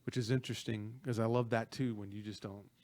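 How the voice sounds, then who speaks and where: A man co-hosting a casual film talk, retelling a fight scene with lively energy and playful asides. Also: lowish voice, a little fast, no echo. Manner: animated storyteller, acts out movie lines. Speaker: podcast co-host.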